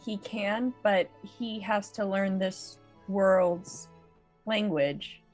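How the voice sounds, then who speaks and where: A woman's voice: mid-range voice, fairly even intonation, very slow, darkish tone, soft background music. A woman voicing a kind, patient female bard in a tabletop game, reading her signed replies plainly. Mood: gentle.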